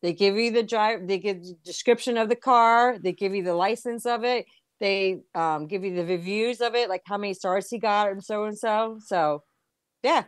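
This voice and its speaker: A woman co-hosting a radio show in casual banter, chatty and quick to agree. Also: medium pitch, smooth, dry recording, studio quality. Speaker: radio co-host.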